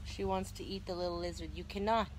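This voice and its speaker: A woman's voice: lowish voice, steady tone, quick pace, background noise. A young woman from Southern California, chatting casually in a vlog and talking sweetly to animals. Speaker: vlogger and cat sitter.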